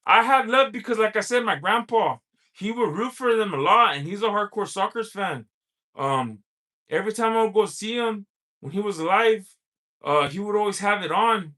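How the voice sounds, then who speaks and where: A man's voice: sits high, pushed and bright. A man hosting a casual livestream, reading viewers' chat messages aloud and answering them in a rambling, chatty way, laughing often and drifting into long stories.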